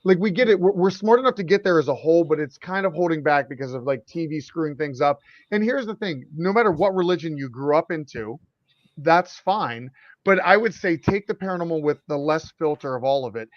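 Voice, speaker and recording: Animated man ranting on a podcast. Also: on the high side, dry recording. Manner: animated, ranting, quick bursts. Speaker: podcast co-host. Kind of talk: casual podcast chat. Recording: dry, slightly dull audio.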